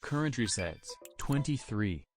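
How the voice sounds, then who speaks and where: A male text-to-speech voice reading out stream messages in a flat monotone. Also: mid-range voice, a little slow. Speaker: text-to-speech donation reader. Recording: faint music behind. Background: faint game music.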